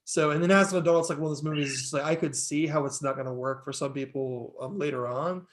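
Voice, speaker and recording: Young guy on a podcast, excitable, laughs a lot, kinda high voice. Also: fast talker. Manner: excitable storyteller, laughs often. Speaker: podcast co-host. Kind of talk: casual chat.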